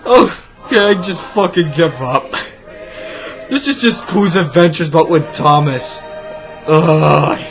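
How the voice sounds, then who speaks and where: A man's voice: fairly high pitch, slow pace, music in the background. A man giving sarcastic, profane reaction commentary on a video, ranting at what he sees. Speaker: video reviewer.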